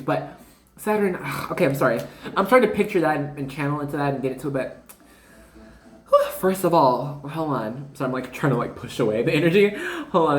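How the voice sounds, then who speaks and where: A woman giving a casual spiritual card reading, rambling and slangy, constantly talking to her viewers as "you guys.". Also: low voice. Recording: roomy echo.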